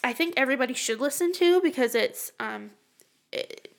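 A young woman co-hosting a podcast in casual chat, animated and swearing freely, often trailing off and restarting. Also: sits high, normal speed, vocal fry. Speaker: podcast co-host.

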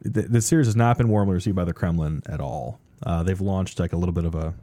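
A man's voice: low voice, fast talker, dark tone, no echo. A man hosting a casual podcast chat, reading out news items, joking and swearing freely.

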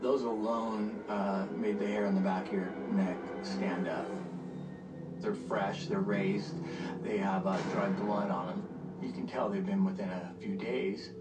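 A man's voice: fairly low pitch, flat delivery, a little slow. A male police investigator giving a documentary interview in a plain, matter-of-fact way. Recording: distant mic with loud music bed.

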